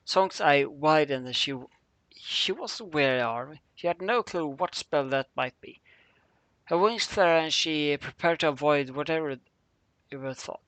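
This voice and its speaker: A man reading fan fiction aloud as narrator, halting, with fillers and misread words. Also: a little high, fairly bright tone, no echo.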